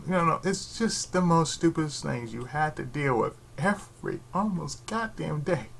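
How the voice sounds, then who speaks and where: A man ranting in a casual vlog from his bedroom, rambling and sarcastic, who keeps slipping into mocking high voices and laughing. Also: expressive, a little slow, gravelly, hardly any pauses, a bit bright, breathy edge. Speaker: YouTube channel host. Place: his own bedroom setup.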